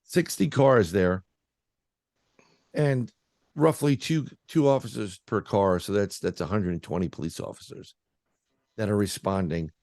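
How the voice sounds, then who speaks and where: Gravelly low-voiced man rambling excitedly. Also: unhurried, long pauses, no echo, studio quality. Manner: rambling, filler-heavy, restarts, excitable. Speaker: paranormal researcher guest. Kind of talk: casual storytelling in an interview.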